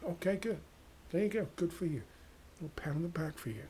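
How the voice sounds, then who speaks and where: A man's voice: high-pitched, expressive, quick pace, a little hiss or hum, pitched above the performer's own voice. A man voicing a mocking nag who badgers someone to pick the lesser evil, in a sneering, needling tone. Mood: sarcastic.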